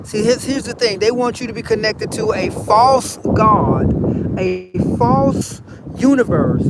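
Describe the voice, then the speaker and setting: A man's voice: high-pitched, noisy background. A man vlogging a casual spiritual monologue, folksy and repetitive, calling his viewers honey and y'all. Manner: animated, preachy.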